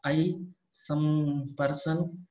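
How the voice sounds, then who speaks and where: A man teaching a step-by-step software tutorial, often repeating and restarting his phrases as he explains. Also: on the high side, little pitch movement, very slow. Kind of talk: screen-recorded software tutorial. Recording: echoey room, dull lo-fi audio.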